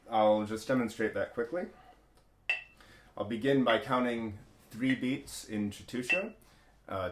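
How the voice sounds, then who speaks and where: In a roomy, echoing space with a noisy background, a man teaches a music lesson, breaking down rhythm step by step and hesitating often. He chants rhythm syllables in steady, counted patterns. His voice is on the low side.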